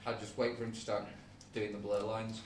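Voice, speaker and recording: A man's voice: fairly low pitch, little pitch movement, a little fast, distant mic, slight background noise. Hesitant man, off mic in an echoey room. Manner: hesitant, filler-heavy storytelling. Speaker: podcast co-host. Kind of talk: casual chat.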